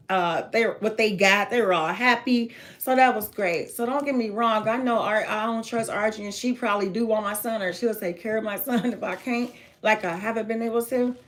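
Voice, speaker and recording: A woman talking to viewers in a casual chat, telling a long personal story in emphatic run-on sentences. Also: mid-range voice.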